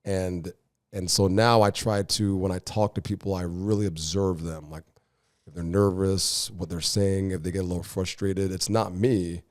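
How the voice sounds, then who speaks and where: A man's voice: low-pitched, steady tone, normal speed, darkish tone, no echo, studio quality. A man as a podcast guest, telling his story in an earnest, reflective way. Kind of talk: casual conversational interview.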